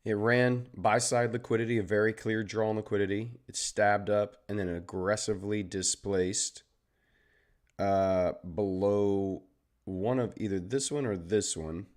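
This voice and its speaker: A man's voice: lowish voice, steady tone, unhurried. A man with a Southern Texan accent, hosting a live trading stream and explaining charts in an easygoing, chatty way while greeting viewers. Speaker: trading livestream host. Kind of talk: casual live trading commentary.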